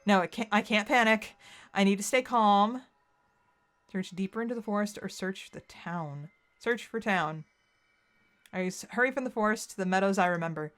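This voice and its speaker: A woman's voice: mid-range voice, moderate pace, fairly bright tone. A woman playing a visual novel, reading its narration aloud and reacting emotionally with outbursts. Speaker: game streamer.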